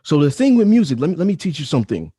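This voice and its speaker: A man's voice: fairly high pitch, sing-song, racing, dark tone, slightly rough, no echo, clean studio sound. A man in his thirties, a podcast guest talking casually, with emphatic, repetitive advice-giving. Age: 30s. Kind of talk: casual chat.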